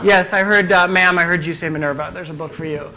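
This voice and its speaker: A man giving a conference keynote as a communication coach, talking in an energetic, emphatic way. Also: high voice, fast talker, crowd noise, rough recording.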